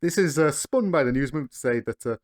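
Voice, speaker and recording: A man's voice: a little high, lively intonation, fairly quick. A man co-hosting a podcast, recapping a cartoon episode in casual chat and chuckling between beats.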